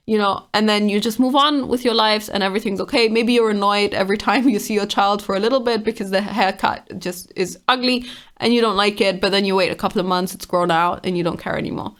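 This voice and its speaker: A woman's voice: medium pitch, fairly quick. A woman casually reading online comments aloud and reacting to them with frank exasperation.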